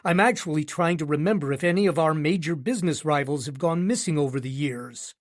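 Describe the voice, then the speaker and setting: A man's voice: on the high side, a little fast, few pauses. A man narrating a romance audiobook in the first person with a wry, sardonic delivery.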